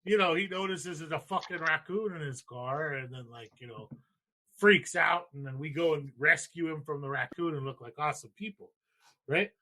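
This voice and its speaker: A man's voice: fairly high pitch, normal speed, pushed and bright. A man in his thirties hosting a podcast, telling a story in a loose, profane, rambling way. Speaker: podcast host. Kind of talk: casual storytelling.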